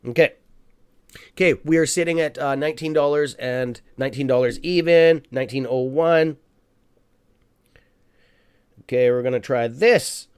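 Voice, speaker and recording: Excitable man cursing his trading app. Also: mid-range voice, normal speed, long pauses, smooth, dry recording, clean studio sound. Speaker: stock trading livestream host. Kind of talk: live market commentary.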